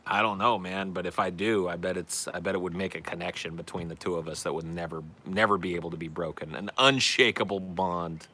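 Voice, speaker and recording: A man's voice: sits low, steady tone, fairly quick, hardly any pauses, bright, forceful tone. A man hosting a casual show, reading out viewer questions and answering them in a blunt, profane, self-deprecating way. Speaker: podcast host answering chat questions. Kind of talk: casual chat.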